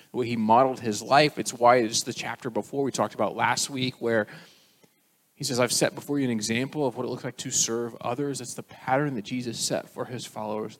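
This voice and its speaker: Emphatic man preaching a sermon. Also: mid-range voice. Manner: emphatic, rising on key phrases, with casual asides. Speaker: pastor.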